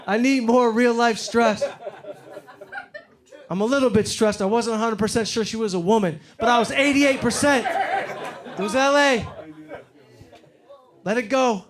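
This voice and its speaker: Speaking in a very high voice, a little slowly and with long pauses, a forties-aged comedian from Detroit, USA performs a crude, brash set before a live club crowd. He acts out the characters in his stories while crowd noise and laughter fill the background.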